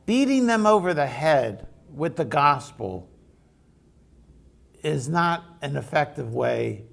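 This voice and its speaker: Pastor, male; gravelly, slow-paced conversational sermon storyteller. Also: on the high side, big pitch swings.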